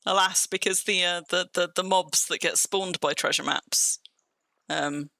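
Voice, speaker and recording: A woman from England with a southern English accent chats on a live stream while gaming, her lowish, gravelly voice bright and forward but fairly even and unhurried. She rambles between thoughts and often restarts sentences midway. The recording is dry and close, with no room sound.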